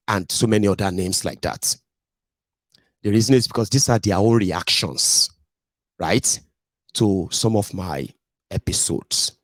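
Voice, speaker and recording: Brief: Nigerian-accented male podcast host, low-pitched and blunt, rambling and digressive, dry close sound. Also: no echo. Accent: Nigerian English. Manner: digressive, blunt, peppered with pidgin tag questions. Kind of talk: casual ranting monologue.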